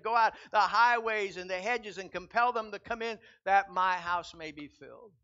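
A man preaching a sermon as pastor, building from quiet reflection to loud, emphatic repetition. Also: sits high, normal speed, hardly any pauses. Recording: dull lo-fi sound.

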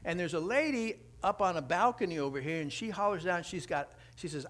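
Bright-voiced man telling a sermon story. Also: high-pitched, fairly quick, hardly any pauses. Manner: animated, conversational storytelling. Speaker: preacher.

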